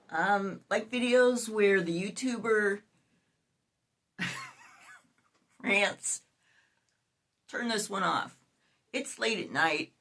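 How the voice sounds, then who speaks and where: A woman in her fifties hosting a casual vlog and ranting in an exasperated, animated way, with sudden outbursts. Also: medium pitch. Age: 50s. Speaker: YouTuber.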